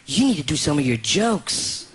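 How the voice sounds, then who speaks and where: A man's voice: big pitch swings, normal speed. A man doing a swaggering rap star, live. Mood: laid-back. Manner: low drawl, then shrill yelling. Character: laid-back male rap star, swaggering and blunt. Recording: noisy live comedy club recording.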